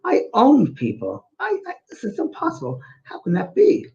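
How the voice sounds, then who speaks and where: A man's voice: extremely high pitch, huge pitch swings, normal speed, vocal fry, darkish tone, muffled recording, voice pushed up, exaggerated voice. A man playing a proud, very wealthy old man who protests in disbelief. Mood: indignant.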